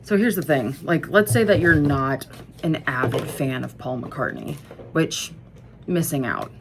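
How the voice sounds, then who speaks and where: A woman's voice: sits low, lively intonation, a little slow, vocal fry. A woman talking in a casual music-commentary vlog, blunt and profane, rambling with asides and self-corrections. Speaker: music vlogger.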